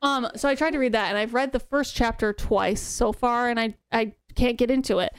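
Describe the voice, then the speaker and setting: A young woman co-hosting a podcast, chatting excitedly about books with lots of "um" and "like". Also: on the high side, brisk, clear, resonant tone, dry recording, studio quality. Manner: chatty, excitable, many fillers like "um" and "like". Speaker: podcast co-host. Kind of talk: casual chat about books.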